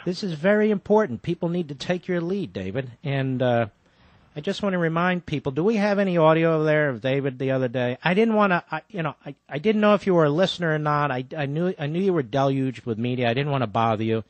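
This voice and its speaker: A man's voice: fairly high pitch, lively intonation, fast, no room sound. A man hosting a talk radio show, speaking emphatically and interjecting often.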